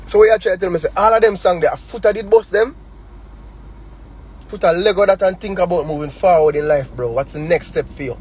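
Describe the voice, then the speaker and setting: A man's voice: high voice, a little fast, darkish tone, a little hiss or hum, low-quality recording. A man with a Jamaican accent speaking in patois on a phone livestream, impassioned and confrontational, repeating words and firing rhetorical questions. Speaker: artist on a live stream. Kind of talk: heated direct address.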